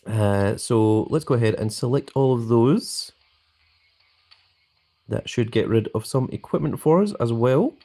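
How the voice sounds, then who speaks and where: A man's voice: mid-range voice, a little slow, warm tone. A man live-streaming a card game, chatting and reading viewer comments aloud.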